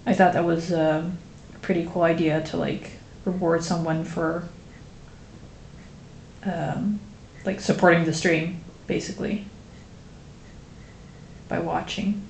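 A woman with a Dutch accent chats with viewers during a live stream and rambles through plenty of fillers. Her voice is slow and slightly low. The room gives her voice an echo, with faint noise underneath. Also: steady tone, gravelly, a little mellow. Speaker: streamer drawing a graphic novel. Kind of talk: casual live-stream chat.

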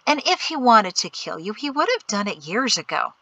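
A woman reading aloud voices a brisk, no-nonsense woman who waves doubts away. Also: medium pitch, sing-song, sharp tone, exaggerated voice, rough recording. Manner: brisk, dismissive.

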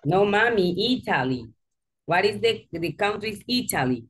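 A woman's voice: medium pitch, expressive, normal speed, slightly rough. A woman with a Spanish accent, English as a second language, teaching an English class in a classroom and patiently repeating and correcting her pupils.

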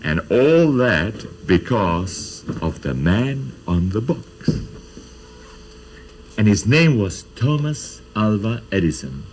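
Unhurried older man. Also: fairly low pitch, slight background noise. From Czechoslovakia. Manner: unhurried, playful, explains step by step. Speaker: children's TV host. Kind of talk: storytelling to children. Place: TV studio.

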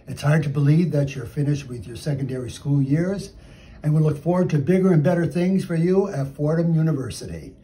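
Older relative, mellow voice, formal steady message. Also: male voice, a little high.

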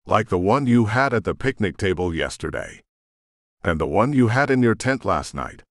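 A man's voice: fairly low pitch, very animated, moderate pace, no echo, clean studio sound. A man voicing a bitter, vengeful male rogue shifter who taunts and threatens in a sneering way. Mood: mocking.

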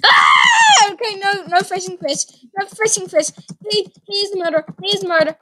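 Very high-pitched, quick, and loud, a woman fills her gaming channel with excitable let's play commentary. Phrases get repeated and sudden yelps burst out.

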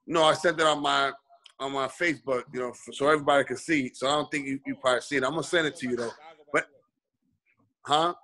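A man's voice: mid-range voice, fairly even intonation, quick pace, sharp tone, low-quality recording. A man being interviewed as a boxing guest over a video call, telling a long story with lots of fillers. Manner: rambling, many "you know" fillers. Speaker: guest boxer.

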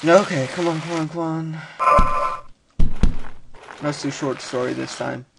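A young man giving casual let's-play commentary, excitable, often yelping and muttering "oh dear" as he plays. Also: a little high, unhurried, vocal fry, heavy background noise. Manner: excitable, frequent yelps and "oh dear". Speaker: gaming video host. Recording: keyboard clicks and typing behind.

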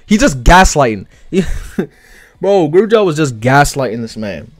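A man's voice: a little high, a little slow, no room sound. Slangy, profane man, dry close sound. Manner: profane, slangy, animated, full of fillers. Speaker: anime commentary vlogger. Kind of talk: casual spoken analysis.

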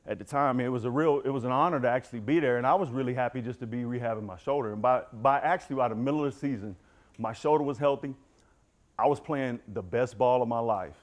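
A man's voice: medium pitch, quick pace. Candid middle-aged man telling his story. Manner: candid, storytelling, direct address to audience. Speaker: motivational speaker. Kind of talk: personal recovery talk to a team. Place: room with a team audience.

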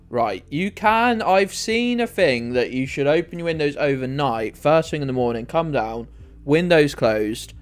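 A male streamer rambles through a geography game, talking straight to his chat and cursing casually. His voice sits at an ordinary middle pitch. Soft music plays faintly under him. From United Kingdom. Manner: chatty, rambling, swears freely, talks to chat.

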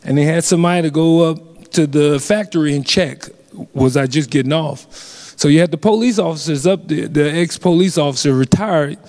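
An earnest man with a slightly high voice tells a personal story at a community forum. He speaks haltingly and often restarts and repeats his phrases. His voice carries a long reverb from a large hall. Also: a little mellow.

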